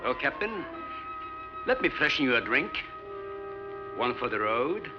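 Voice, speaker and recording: A man's voice: medium pitch, sing-song, unhurried. An actor playing an older research scientist and father, speaking in an earnest, lecturing way in a 1950s film. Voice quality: lecturing, emphatic delivery. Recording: muffled old film soundtrack with music.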